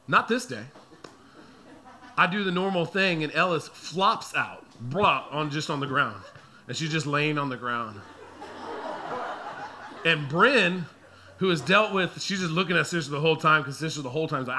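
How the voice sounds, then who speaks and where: Male pastor, thirties, bright ringing voice, pitched a touch high, animated storyteller who slips into voices. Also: brisk, slight background noise. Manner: animated, acts out voices of his kids and himself. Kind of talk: storytelling sermon.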